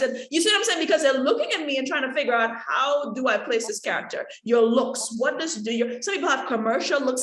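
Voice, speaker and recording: A woman from the Caribbean teaching an acting workshop, talking straight to the room and acting out examples as she goes. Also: high-pitched. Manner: animated, talks to the room, acts out examples. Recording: echoey room.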